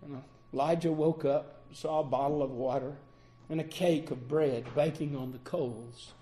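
Man, preacher, sermon, high pitched, warm dark tone, dramatic loud-and-soft delivery. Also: steady tone, a little slow. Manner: dramatic, swings between loud and hushed.

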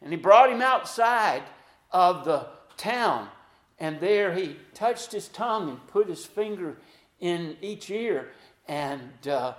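High-voiced preacher in an echoey room. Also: male voice, lively intonation, slow. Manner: dramatic swings between loud emphasis and hushed quiet; quotes scripture in old-fashioned cadence. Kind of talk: sermon.

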